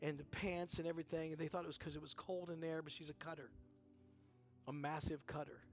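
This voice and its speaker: A guest speaker at a church service, a man with a notably high voice, tells a story from the stage of the sanctuary. His animated sermon is energetic and conversational, and he acts out the dialogue of the people in it while soft, brisk music plays behind him.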